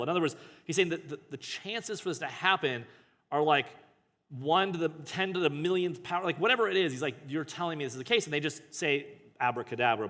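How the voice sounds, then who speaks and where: A man's voice: fairly high pitch, fairly bright tone. Man reading aloud in a reverberant hall. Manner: casual, joking asides and self-corrections between read passages. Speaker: pastor teaching a book study. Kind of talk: reading a book aloud with off-the-cuff commentary. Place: church hall.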